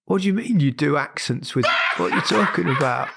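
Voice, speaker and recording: A man in his sixties hosting a casual football podcast, presenting smoothly and teasing his co-hosts in a dry way. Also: a little high, animated, a little fast, very noisy. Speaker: podcast host.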